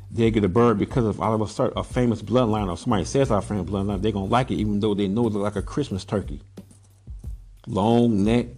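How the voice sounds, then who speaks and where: This Southern California man, who breeds pigeons and hosts a podcast, has a mellow voice on the low side. He delivers a casual, blunt monologue that turns preachy and leans heavily on rhetorical questions.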